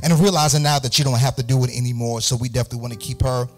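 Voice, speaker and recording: A pastor preaching a sermon in a church. He speaks in a sing-song style, calls for "amen" from the congregation, makes joking asides to people he names, and builds to shouted, fervent peaks. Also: medium pitch, fairly even intonation, very fast, soft background music.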